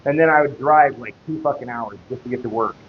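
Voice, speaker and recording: A man's voice: mid-range voice, fairly quick. A man telling a story on a casual live stream, swearing constantly and rambling. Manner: profane, rambling, laughs while telling stories. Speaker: fitness streamer. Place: gym, echoey room. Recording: echoey hall, dull lo-fi sound, noisy background.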